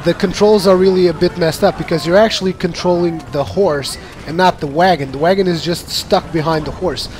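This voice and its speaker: Chuckling, fairly high-voiced game commentator. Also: male voice, a little fast, few pauses, noisy background. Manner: chatty, laughs often, acts out his own reactions. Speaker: gameplay commentator. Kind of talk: casual gameplay commentary.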